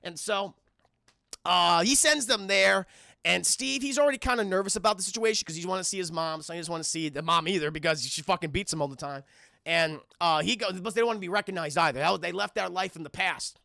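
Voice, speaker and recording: A man with a high, gravelly voice tells the story of a film to his live-stream chat in a loose, rambling way, swearing constantly. His tone is bright and sharp, and the sound is dry and close. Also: fast talker, no room sound. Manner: rambling, profane, addresses chat.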